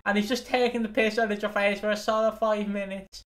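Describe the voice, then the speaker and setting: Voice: medium pitch, level tone, a little fast. A Scottish co-host chatting casually on a podcast, rambling and swearing between jokey impressions. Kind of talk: casual chat.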